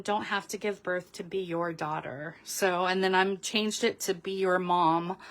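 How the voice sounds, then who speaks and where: A woman's voice: medium pitch, fairly bright tone. A middle-aged woman hosting a casual crafting tutorial, chatty and openly emotional, with many ums and restarts. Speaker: papercraft video host.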